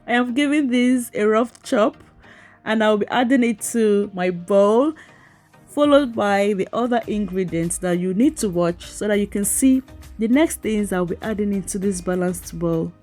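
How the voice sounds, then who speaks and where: A woman's voice: mid-range voice, moderate pace, darkish tone, faint music behind. A woman cooking vlogger with a chatty, playful manner. She teases her viewers, giggles and talks straight to them as she builds a bowl. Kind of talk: voice-over cooking demo.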